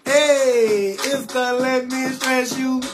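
High-voiced New man hyping viewers. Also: steady tone, slow pace, loud music behind the voice. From New Orleans. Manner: loud, playful, rambling, shouts out viewers with sing-song lilts. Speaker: comedian hosting a live call-in show. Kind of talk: casual live-stream banter. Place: in bed at home.

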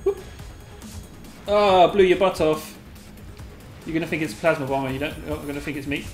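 A host giving live gameplay commentary, excitable and giggly, squealing a high catchphrase, then muttering quietly to themself. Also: moderate pace. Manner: mutters quietly to self between bursts. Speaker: gaming video host. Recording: roomy echo, faint game music behind.

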